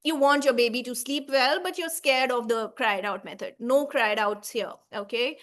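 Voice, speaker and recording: A woman in her thirties who works as a baby sleep coach gives a heartfelt talk to mothers in a fairly high, fairly bright voice at a normal pace. She's earnest and reassuring, often checking in with "right?" and "okay?", and she's emotional, tearing up as she speaks.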